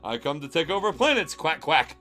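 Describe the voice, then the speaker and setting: A man voicing a male alien invader with a low, scheming delivery. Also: big pitch swings, brisk, heavy background noise.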